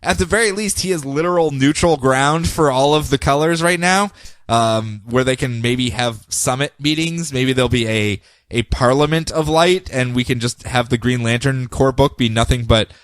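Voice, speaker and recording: A man's voice: mid-range voice, moderate pace, fairly bright tone, no room sound. A man hosting a podcast who recaps comics casually, in a joking, facetious way. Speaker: podcast host.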